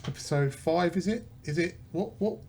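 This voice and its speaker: Casting note: man, slightly higher pitch, deadpan podcast host, faint noise behind. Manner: dry, self-mocking, halting. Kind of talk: casual pub chat.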